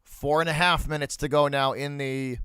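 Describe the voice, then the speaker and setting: A man with a light Boston accent calls a hockey game live, play by play, for a fan stream. His voice sits a bit high and comes through smooth, clean and dry up close. He chats with his viewers between plays and roots openly for his side. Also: fairly even intonation, moderate pace, pushed and bright, dry recording. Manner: chatty, rooting for Boston, talks to chat viewers. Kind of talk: live play-by-play commentary to chat.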